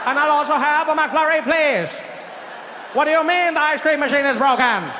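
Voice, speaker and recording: A man's voice: extremely high pitch, sharp tone, reverberant, slight background noise, pitched above the performer's own voice. A man putting on a stately orator's voice. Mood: grandiose. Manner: slow, declamatory, over-enunciated. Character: stately old-fashioned male orator, grand and measured.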